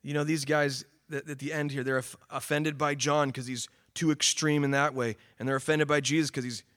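A man preaching a sermon, earnest, swinging from emphatic calls to quiet, sober remarks. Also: on the high side, little pitch movement, fairly quick. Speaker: pastor.

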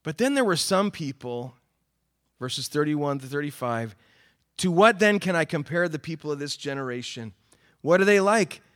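A man preaching a sermon, earnest, swinging from emphatic calls to quiet, sober remarks. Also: on the high side, expressive, normal speed. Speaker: pastor.

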